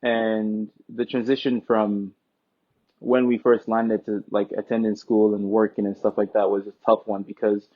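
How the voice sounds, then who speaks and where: A man's voice: on the low side, normal speed. Young man from Nigeria on a tinny line. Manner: relaxed, joking, breaks into quoted dialogue. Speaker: guest. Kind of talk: casual interview storytelling.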